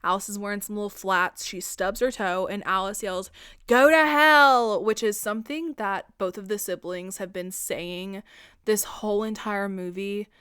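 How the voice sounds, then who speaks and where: A woman's voice: mid-range voice, fairly even intonation, fairly bright tone, smooth, no echo, clean studio sound. Chatty, profane woman recapping a movie. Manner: chatty and profane, retelling scenes with quick put-on quotes. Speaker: podcast host. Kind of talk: casual film recap.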